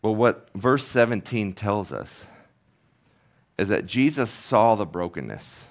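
Low-voiced male pastor preaching. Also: sing-song, takes it slowly. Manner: storytelling, conversational, earnest. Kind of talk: sermon.

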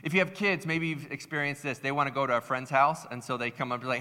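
Bright-voiced preacher in a reverberant hall. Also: male voice, fairly high pitch, fairly quick. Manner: animated, acts out voices in stories. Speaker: pastor. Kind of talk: sermon with a told story.

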